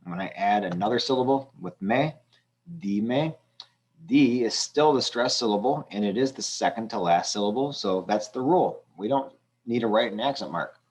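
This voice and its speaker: A man's voice: on the low side, lively intonation, fairly quick, darkish tone. A male teacher patiently walking students through a language exercise step by step, with frequent ums. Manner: patient, explaining step by step with fillers. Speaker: Spanish teacher. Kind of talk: screen-recorded lesson walkthrough.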